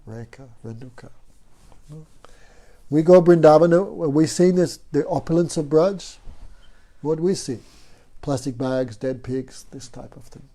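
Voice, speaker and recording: A spiritual teacher leads a devotional class in a storytelling style, frequently asking his listeners "no?". His mellow male voice sits on the high side, a little slow, with frequent pauses.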